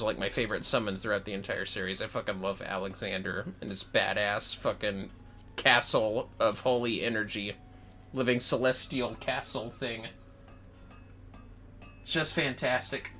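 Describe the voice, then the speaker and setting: A man's voice: lowish voice, fairly bright tone. A man chatting casually while livestreaming a video game, swearing freely and answering chat. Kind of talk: casual gameplay commentary.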